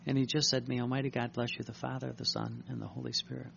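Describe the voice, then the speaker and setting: A man's voice: medium pitch, little pitch movement, fast talker, gravelly, fairly bright tone, a little hiss or hum. A man, a priest, preaching an earnest, reflective sermon and often restarting his sentences. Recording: dull lo-fi recording.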